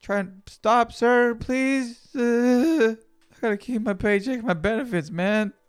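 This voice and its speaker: A man's voice: extremely high pitch, takes it slowly, clear, resonant tone, faint music behind, voice pushed up. A man voicing a nervous male security guard who pleads anxiously about keeping his job. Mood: pleading.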